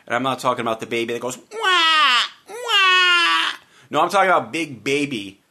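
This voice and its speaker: Male sports radio host with a bright, punchy voice, riffing wryly on the week's games. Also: mid-range voice. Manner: wry, joking and animated, with playful mock voices. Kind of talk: solo sports talk commentary.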